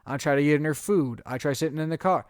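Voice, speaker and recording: A man's voice: fairly high pitch, quick pace, clear, resonant tone, no echo, studio quality. A man co-hosting a podcast, telling a long story in casual chat and acting out his own reactions. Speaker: podcast co-host.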